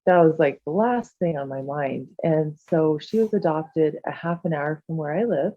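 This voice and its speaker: A woman, a podcast guest who heals and talks with animals, speaking softly and haltingly with lots of fillers. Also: deep voice, no room sound, phone-quality sound. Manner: soft, halting, many fillers and "like". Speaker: guest, shamanic healer and animal communicator. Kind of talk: casual chat.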